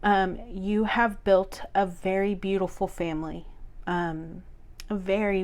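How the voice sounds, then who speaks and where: A woman reading tarot cards for her viewers at an unhurried, gentle pace. Her voice sits at a middle pitch, and she talks earnestly, repeating words and pausing on soft fillers. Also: flat delivery. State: choked up, teary. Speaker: tarot reader. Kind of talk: solo tarot reading to camera.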